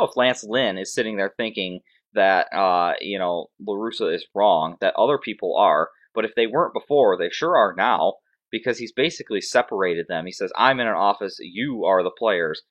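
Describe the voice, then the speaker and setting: A man hosting a fantasy sports show, talking in a loose, sarcastic rant. His voice sits somewhat low. The recording sounds dull and lo-fi. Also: moderate pace. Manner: animated, sarcastic, ranting. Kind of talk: casual sports commentary.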